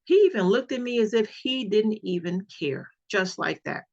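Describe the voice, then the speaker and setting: A woman's voice: mid-range voice, lively intonation, moderate pace, gravelly, a little mellow. A woman sharing her own experience as a patient, telling it earnestly and with emphasis, often repeating key words. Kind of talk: personal storytelling. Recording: dull lo-fi recording.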